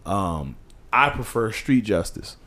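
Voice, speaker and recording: A man co-hosting a casual podcast, talking with passion, rising in pitch to stress points and dropping low to quote others. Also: very animated, slow pace, pushed and bright. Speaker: podcast co-host.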